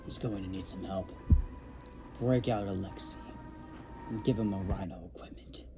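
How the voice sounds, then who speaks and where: A man doing a deep, hushed crime boss. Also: fairly even intonation, normal speed, over music. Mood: menacing. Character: cold, menacing male crime boss.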